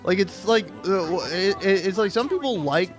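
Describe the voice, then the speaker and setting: A man's voice: high voice, expressive, moderate pace, faint music behind. A young man hosting a gaming video, rambling comedic commentary full of restarts and "like".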